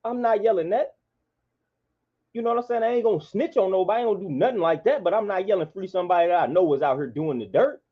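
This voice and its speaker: A vlogger with a high voice delivers an impassioned monologue at a quick pace. He's preachy, repetitive and emphatic, and the recording has a dull lo-fi sound.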